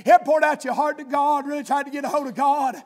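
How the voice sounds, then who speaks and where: High-voiced preacher shouting sermon. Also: male voice, fairly even intonation, fast talker. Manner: calls out "amen" often, chants and shouts rhythmically. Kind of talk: fiery revival sermon.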